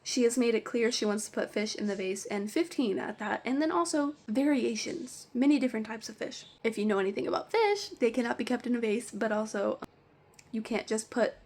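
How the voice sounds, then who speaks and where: A young woman telling pet store stories in an animated, exasperated rant, swearing freely. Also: on the high side, brisk. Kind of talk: storytime rant.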